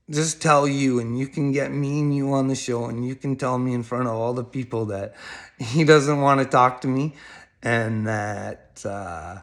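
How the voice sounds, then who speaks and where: Man, middle-aged, gravelly, unhurried, rambling monologue, frequent laughs, heavy swearing. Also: mid-range voice, fairly bright tone. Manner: laughs often between phrases, swears heavily, rambling. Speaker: video blogger addressing another creator. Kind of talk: rambling direct-to-camera monologue.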